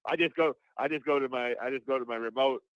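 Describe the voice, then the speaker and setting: A man calling into a sports talk show, rambling and halting, often restarting his sentences. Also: mid-range voice, dry recording. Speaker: caller. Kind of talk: casual call-in chat. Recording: dull dry phone line.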